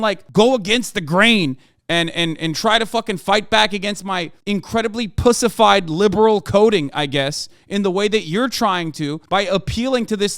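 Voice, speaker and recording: High-voiced man in a profane rant. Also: fairly bright tone, clean tone, no room sound, clean studio sound. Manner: profane, heated ranting. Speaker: streamer. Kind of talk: livestream commentary rant.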